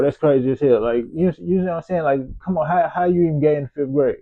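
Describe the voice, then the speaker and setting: A man's voice: on the high side, fast talker. A man telling a story from his own life in a loose, profane, slangy way. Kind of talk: casual personal storytelling. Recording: tinny phone-like sound.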